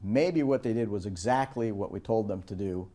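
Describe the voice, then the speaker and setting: A man teaching a course on project management, giving a lecture and bringing it to life with animated anecdotes. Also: fairly low pitch, normal speed. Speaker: course instructor. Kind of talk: lecture with storytelling.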